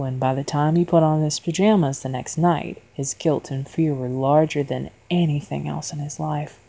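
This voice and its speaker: Low gravelly horror narrator, woman. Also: low-quality recording. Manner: quiet and deliberate. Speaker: storyteller.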